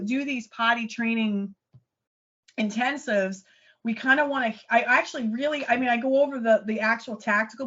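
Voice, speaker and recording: A fairly high-voiced middle-aged woman talks quickly and in a self-deprecating way, like an animated storyteller. She is a life coach and a podcast guest. The audio sounds dull and lo-fi. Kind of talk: casual podcast interview.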